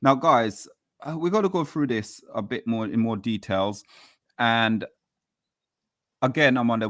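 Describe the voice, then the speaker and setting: A man hosting a casual livestream chat, plugging the channel and steering the talk from topic to topic. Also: on the low side. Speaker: show host.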